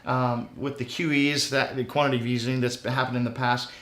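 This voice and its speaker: A man's voice: medium pitch, level tone, fairly quick, a bit bright, reverberant. A man hosting a finance web show, upbeat and salesy, talking straight to viewers. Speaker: show host.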